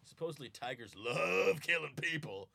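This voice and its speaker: Animated gravelly man joking around. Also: a little high, moderate pace, no echo. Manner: animated, slips into silly impressions and voices. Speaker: podcast co-host. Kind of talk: casual comedic chat.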